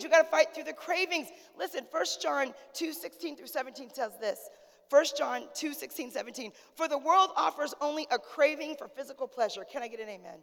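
A woman's voice: high voice, fairly quick, gravelly, fairly bright tone. A woman pastor preaching a sermon in a conversational, humorous way, calling out to the congregation. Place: church sanctuary. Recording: long church reverb.

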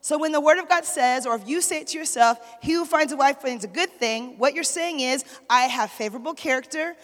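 A woman's voice: high-pitched, a bit bright. A woman preaching a sermon in a church, telling a story with lots of energy and calling out to the congregation for responses. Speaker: pastor's wife preaching. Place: church sanctuary. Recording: long hall reverb.

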